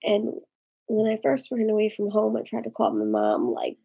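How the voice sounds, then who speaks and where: A woman vlogger telling a personal story in a rambling, halting way, tipsy and tearful. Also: medium pitch, big pitch swings, vocal fry, mellow, breathy edge, rough recording. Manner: rambling, halting, with frequent fillers and swearing. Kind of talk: casual confessional storytelling.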